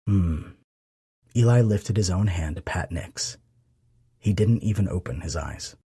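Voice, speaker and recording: A man narrating an audiobook romance in a soft, intimate reading. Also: sits low, lively intonation, moderate pace, slightly rough, dry recording, clean studio sound. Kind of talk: scripted narration.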